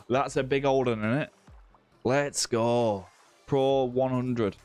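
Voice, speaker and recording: A man's voice: mid-range voice, steady tone, takes it slowly, a little mellow, clear, resonant tone, dry recording, faint music behind. A man hosting a live gaming stream, chatting casually with viewers and greeting them by name. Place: indoor room with ring light.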